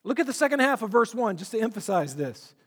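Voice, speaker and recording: A man's voice: sits high, very animated, fast talker, slightly rough. A male pastor preaching a sermon, earnest and emphatic, often repeating words as he builds a point.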